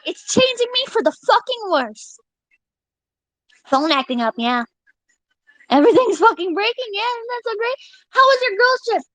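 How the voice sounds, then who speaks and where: A young woman live streamer chatting casually with her viewers, excitable and giggly, swearing freely. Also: extremely high pitch, no room sound, poor audio.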